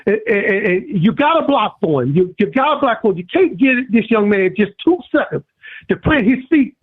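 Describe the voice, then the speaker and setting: High-voiced caller ranting over a tinny phone line. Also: male voice, sing-song, moderate pace, husky. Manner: preachy, repeats himself, swings high and low. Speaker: radio show caller. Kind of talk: impassioned call-in rant.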